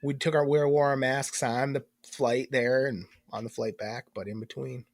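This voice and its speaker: A man's voice: medium pitch, moderate pace, no echo, studio quality. A man co-hosting a podcast in casual chat, his voice stuffed up and congested, joking as he tells stories. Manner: chatty, joking, lively storyteller. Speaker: podcast co-host.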